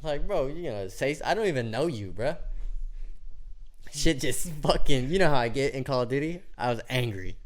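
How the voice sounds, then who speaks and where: A man co-hosting a casual podcast, telling stories in an animated way, swearing freely and acting out what people said. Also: mid-range voice, moderate pace. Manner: animated storyteller, swears freely, acts out quotes. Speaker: podcast co-host. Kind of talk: casual sports and gaming chat.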